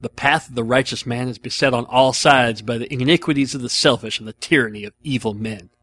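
Guy doing a menacing hitman preaching scripture, goes from low and steady to a huge booming roar. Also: no room sound, close to an everyday voice. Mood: menacing, thundering. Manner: building from measured to booming fury. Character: fierce male hitman reciting scripture, menacing.

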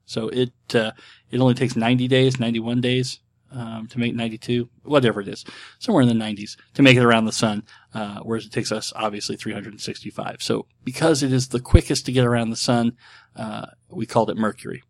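A man's voice: mid-range voice, steady tone, quick pace. A middle-aged man hosting and answering viewer questions in casual talk. His speech is rambling and reflective, with many restarts and filler words.

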